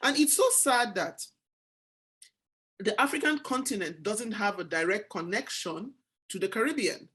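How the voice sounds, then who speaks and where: This Nigerian woman, hosting an informal book discussion in her Nigerian accent, speaks at a measured pace with a medium pitch and a breathy edge. She tells her stories vividly, playing out the quoted conversations.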